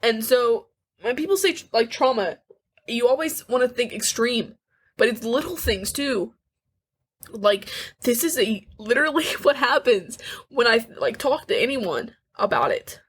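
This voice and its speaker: An eighteen-year-old woman co-hosting a candid podcast, talking earnestly and haltingly, with frequent restarts and nervous little laughs. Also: fairly high pitch, expressive, slightly rough. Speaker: podcast co-host.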